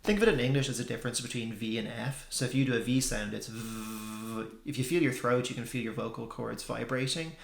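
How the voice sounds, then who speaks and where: Young guy explaining stuff, gravelly, lots of ums, echoey room. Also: medium pitch, quick pace, few pauses. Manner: relaxed explaining, many ums. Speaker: language teacher. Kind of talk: casual video lesson.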